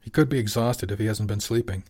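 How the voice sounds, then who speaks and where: A man's voice: lowish voice, fast, darkish tone, husky. A man reading an audiobook, voicing an easygoing middle-aged fishing boat skipper in a plain, friendly way.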